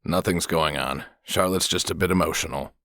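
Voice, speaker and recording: An actor playing a gruff, protective young man who speaks curtly and demandingly. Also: low voice, moderate pace, a bit bright, no echo, clean studio sound. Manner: demanding, curt.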